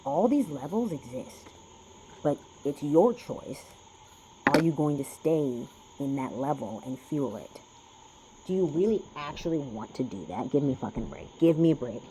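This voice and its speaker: A man's voice: fairly high pitch, lively intonation, moderate pace, noisy background. A man rambling through a spiritual card reading, swearing often and lecturing his listeners. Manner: profane, preachy, talks to himself. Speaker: spiritual vlogger doing a reading.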